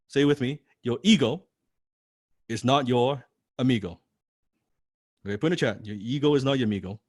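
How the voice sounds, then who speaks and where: A man's voice: mid-range voice, dry recording. A man coaching a live online class, blunt and profane, repeating key lines and often asking "right?". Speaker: copywriting coach.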